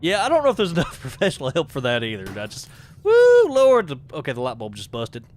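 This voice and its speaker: A man's voice: medium pitch, sing-song, rapid-fire, slight background noise. Chatty man yelping through a horror stream. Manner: chatty and rambling, jumps to startled yelps and swearing. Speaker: gaming streamer. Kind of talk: live horror gameplay commentary.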